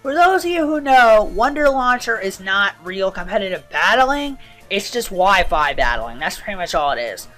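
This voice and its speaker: A woman's voice: mid-range voice, big pitch swings, moderate pace, a bit bright, soft background music. A woman from the Southern United States giving casual, rambling commentary over a video game playthrough, drifting off on tangents. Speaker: let's player.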